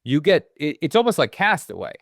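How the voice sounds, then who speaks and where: A man's voice: fairly high pitch, fairly quick, creaky, no echo, studio quality. A man co-hosting a movie podcast, talking casually in long, rambling, profane riffs. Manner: rambling, profane, animated asides. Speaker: podcast co-host.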